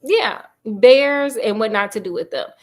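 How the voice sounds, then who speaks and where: A woman's voice: on the high side, lively intonation, unhurried. A woman host telling a true story in a casual, sassy, chatty way, full of slang asides.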